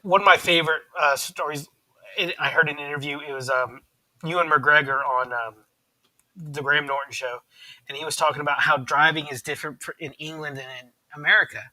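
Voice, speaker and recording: A man's voice: on the high side, fairly even intonation, fairly quick, pushed and bright, no echo, low-quality recording. A man co-hosting a casual podcast chat, rambling through anecdotes and swearing freely. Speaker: podcast co-host.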